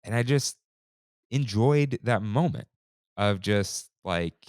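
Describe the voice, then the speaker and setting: A laid-back man in his thirties chats easily as a podcast host, full of slang. His voice sits low but swings widely in pitch, and the recording is close and dry. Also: animated, slow, a little mellow, dry recording. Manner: laid-back, slangy, says "dude" and "like" often. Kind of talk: casual chat.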